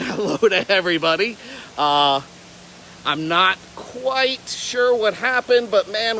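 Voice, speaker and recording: This reptile keeper livestreams casually outdoors, a young Florida man with alligators who chats playfully and drifts from one tangent to another. The voice is high-pitched, pushed and bright, with slight background noise and poor audio.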